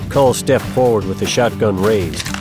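A man reading a first-person western story aloud, in a steady, even storytelling manner. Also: on the low side, moderate pace. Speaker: audiobook narrator. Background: guitar music.

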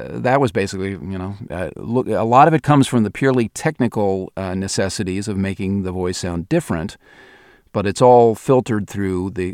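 A man's voice: fairly low pitch, darkish tone, no echo, studio quality. A man who directs audio dramas and voices characters, answering interview questions in a hesitant way, often restarting as he thinks aloud.

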